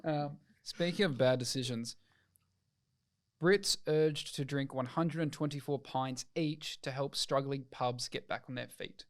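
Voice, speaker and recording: A man's voice: mid-range voice, measured pace. A man co-hosting a casual comedy podcast, reading out news stories and joking, swearing freely. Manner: sweary, jokey, slips into silly put-on voices. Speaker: podcast co-host.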